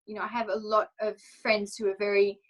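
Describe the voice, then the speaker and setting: A woman's voice: mid-range voice, completely flat delivery, a little fast, rough recording. A woman coach telling her personal story in an interview, emotional and candid, acting out her own inner thoughts as she speaks. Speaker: confidence coach, interview guest.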